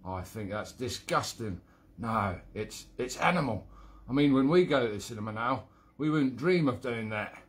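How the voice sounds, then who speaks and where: A man's voice: mid-range voice, animated, moderate pace, natural voice. A man putting on a cheeky Cockney greaser. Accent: mock Cockney London. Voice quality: rough put-on London twang, wavering. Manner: reading a gag off paper, jokey. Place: home room.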